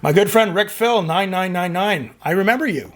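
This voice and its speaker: A middle-aged man from Canada, speaking in a high-pitched voice at normal speed, reads viewer comments on his music reaction channel. He chats loosely, rambling and using many fillers.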